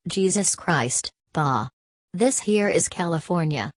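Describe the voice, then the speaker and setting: A woman's voice: fairly low pitch, lively intonation, slow pace, dry recording. A woman reading the part of a blunt, restless young man who speaks in plain country talk, in an audiobook.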